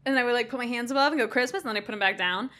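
A woman's voice: fairly high pitch, very fast. A woman co-hosting a casual chat podcast, telling stories animatedly and laughing often. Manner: giggly, animated storytelling. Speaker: podcast co-host.

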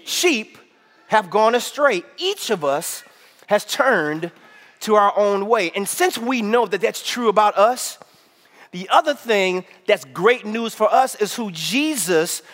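A man preaching a sermon to a congregation, calling out for responses and often shouting with excitement. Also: high voice, slow. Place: church with audience. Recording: long hall reverb.

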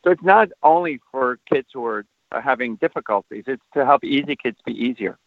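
A man answering interview questions as a parenting expert, explaining at length and turning animated when he shows how to talk to children. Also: medium pitch, brisk, no room sound. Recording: tinny phone line, dry.

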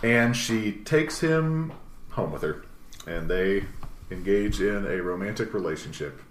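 Animated man in an echoey room. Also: fairly low pitch, a little slow. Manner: laughs often, animated storytelling. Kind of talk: casual film discussion. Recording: echoey room, faint noise.

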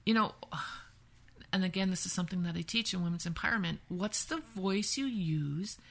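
Low gravelly woman explaining boundaries. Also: normal speed. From Canada. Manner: explains with repeated "right?" and acted-out example phrases. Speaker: podcast guest, women's empowerment and yoga teacher. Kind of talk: casual podcast conversation.

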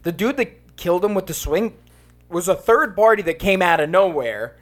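A man's voice: high voice, moderate pace. A young man co-hosting a casual sports podcast, swearing freely and acting out what people said. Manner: animated, swears, acts out quotes. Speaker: podcast co-host. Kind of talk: casual chat.

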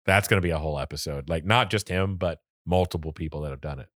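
A man with a Florida accent talks loosely on a podcast, rambling and joking and laughing often. His voice sits low. The sound is dry and close, with no room around it. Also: fast talker, fairly bright tone, no room sound. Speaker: podcast co-host. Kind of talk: casual chat.

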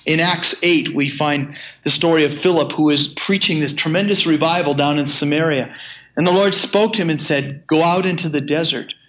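An older man preaching a sermon, reading scripture aloud in measured tones and then retelling it casually with chuckles. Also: on the high side, fairly bright tone, a little hiss or hum. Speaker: pastor.

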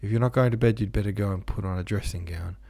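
A man voicing a young woman who pleads, wheedles and turns furious, in a gravelly reading voice. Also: lowish voice, quick pace, warm tone. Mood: coaxing. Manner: wheedling, then spiteful.

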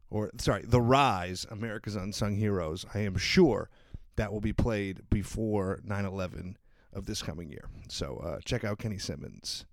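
Low-voiced male podcast host, dry sound. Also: no room sound. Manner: loose and chatty, full of fillers. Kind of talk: casual introduction and chat.

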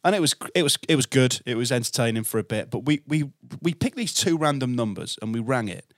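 A man's voice: medium pitch, lively intonation, quick pace, dry recording, clean studio sound. A man hosting a podcast, telling anecdotes in casual chat. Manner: chatty, anecdotal. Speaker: podcast host.

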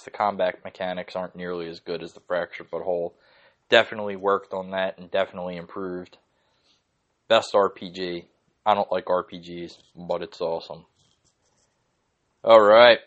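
Young guy podcasting solo, lowish voice, swears a ton, rambles and gets worked up. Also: dull audio. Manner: profane, excitable, rambling. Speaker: podcast host. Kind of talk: casual solo podcast rant.

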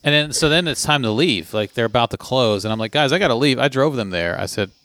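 A man telling a story in casual chat, animated, with his voice jumping up when he quotes people. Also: mid-range voice, fairly quick, no room sound.

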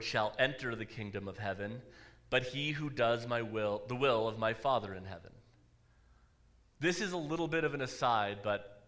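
A man's voice: mid-range voice, pushed and bright. A man, a pastor, preaching a sermon in a church in a conversational way, with dry asides.

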